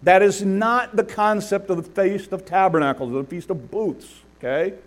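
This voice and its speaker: A man preaching a sermon, animated, acting out the biblical figures he tells about with a laugh now and then. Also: sits high, normal speed. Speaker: pastor.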